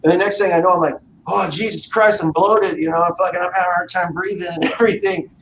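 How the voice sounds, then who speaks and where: A man's voice: high-pitched, fairly even intonation, quick pace, fairly bright tone. A man chatting casually on a livestream, telling rambling, profane stories. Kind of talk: casual chat. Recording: roomy echo with faint noise.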